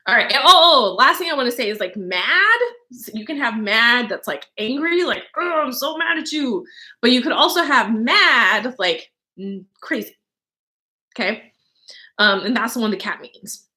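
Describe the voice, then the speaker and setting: A woman's voice: fairly high pitch, animated, normal speed, bright, forceful tone. A young adult woman teacher reading a story aloud and stopping to explain words in a chatty way, with many fillers and asides.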